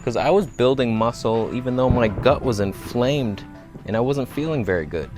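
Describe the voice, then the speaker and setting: Man, casual outdoor vlog, joking asides, mid pitch, faint music behind. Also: moderate pace. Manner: joking, self-mocking asides. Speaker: vlogger. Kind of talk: casual talk to camera. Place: outdoors, walking by a road.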